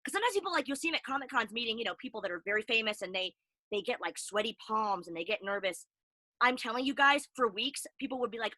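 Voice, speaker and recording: A young woman talks in a bright, crisp voice, a little higher than most. She tells stories animatedly and chattily in casual conversation. The sound is close and dry. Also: lively intonation, fast, no room sound. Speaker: talk show co-host. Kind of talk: casual chat.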